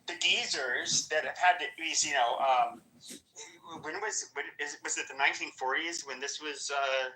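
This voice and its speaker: A man in a casual political chat who asks halting, rambling questions and keeps cutting back in. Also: fairly high pitch, bright, forceful tone, a little hiss or hum. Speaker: caller asking questions. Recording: roomy echoing room.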